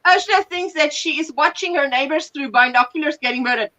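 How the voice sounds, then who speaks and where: A woman with a South African accent hosting a casual livestream chat, telling stories with animated bursts of laughter. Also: high-pitched, quick pace, rough recording. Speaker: livestream host.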